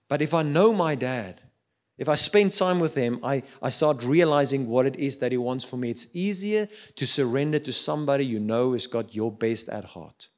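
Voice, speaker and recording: A middle-aged man with a South African accent preaching a sermon, swinging between loud urging and quiet reflection. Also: mid-range voice, expressive, normal speed. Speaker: pastor.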